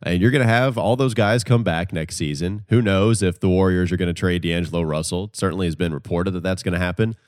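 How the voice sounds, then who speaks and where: A man hosting a sports podcast in a relaxed, easygoing way. His voice is very low, and the sound is close and dry with no room around it. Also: fast, few pauses, clear, resonant tone, no echo. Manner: relaxed, steering the talk. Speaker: podcast host. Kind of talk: casual sports podcast chat.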